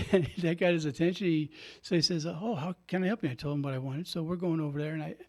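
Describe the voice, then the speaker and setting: Older male radio host, fairly high voice, chatty storyteller who laughs a lot and acts out his own quotes. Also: quick pace, darkish tone. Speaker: radio show host and priest. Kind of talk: casual storytelling monologue. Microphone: studio microphone.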